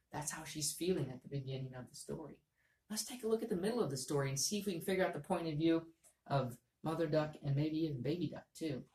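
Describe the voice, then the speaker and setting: Low-voiced teacher explaining patiently. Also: female voice, darkish tone. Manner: patient, repeats key points and models reading voices. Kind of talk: reading lesson for young students. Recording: echoey room.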